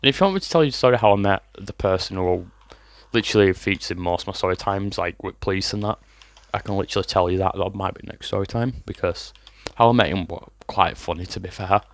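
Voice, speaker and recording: A vlogger in his 20s with a low-pitched voice talks fast, telling his audience a rambling, sweary storytime full of fillers while fighting a cough. There's no echo.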